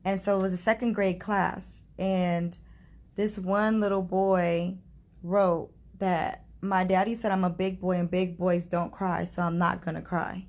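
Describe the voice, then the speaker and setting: A woman's voice: fairly low pitch, level tone, measured pace, darkish tone. A woman vlogging a heartfelt personal story in a casual, chatty way, using many fillers. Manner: chatty, uses many fillers like "like" and "you know"; heartfelt and earnest. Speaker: grieving mother vlogger.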